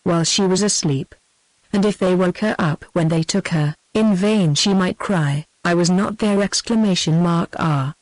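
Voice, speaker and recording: A woman's voice: lowish voice, normal speed, a little mellow, no room sound, rough recording. A synthetic woman's voice as a crazed old recluse. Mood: wild bitter. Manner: mocking, wild, bitter. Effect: synthetic text-to-speech voice.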